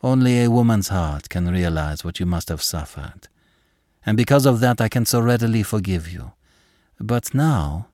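A man's voice: lowish voice, expressive, moderate pace, dry recording, clean studio sound, lightly acted. A man voicing a tender aristocratic lady. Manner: soft, tender and gently coaxing. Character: gentle, affectionate noblewoman, older aristocratic lady.

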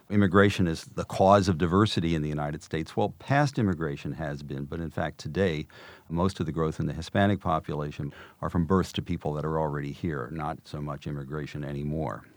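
A man's voice: low voice, dry recording. A middle-aged man, a demographer guest on a podcast, explaining figures in an interview with frequent "you know" and "I mean" fillers.

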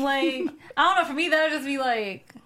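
A woman with a slightly high voice talks through a TV episode in a casual chat. She laughs often and hedges her points with "like.". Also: brisk, noisy background.

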